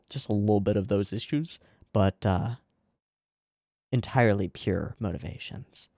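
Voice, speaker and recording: A man's voice: lowish voice, unhurried, warm tone, no room sound, studio quality. A man hosting an anime reaction channel, rambling through casual episode commentary and swearing freely along the way.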